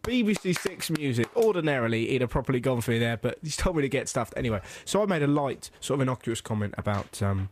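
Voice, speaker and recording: A young man hosting radio banter, telling an animated anecdote with laughs and quick impressions. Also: medium pitch, dry recording. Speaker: radio host. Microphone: studio mic.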